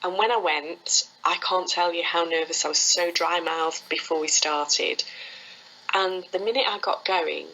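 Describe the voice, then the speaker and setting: A woman, a foot reading teacher telling stories quickly and with animation as a guest in an interview, often laughing. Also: on the low side, steady tone, bright, forceful tone, slight background noise, low-quality recording. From England. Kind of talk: conversational storytelling interview.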